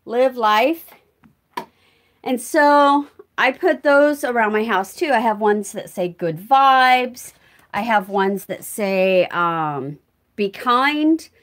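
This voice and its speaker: A woman's voice: a little high, lively intonation, takes it slowly. An older woman chatting casually on a live stream while doing chores at home and reading out viewer comments. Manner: chatty, warm toward her cats, answers viewer comments. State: winded from walking. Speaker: vlogger. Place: her home, moving between rooms.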